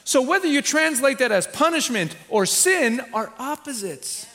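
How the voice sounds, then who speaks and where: Speaking at an ordinary pace, this man preaches as a guest rabbi in a high voice. His teaching is animated and emphatic, and he acts out each voice he cites.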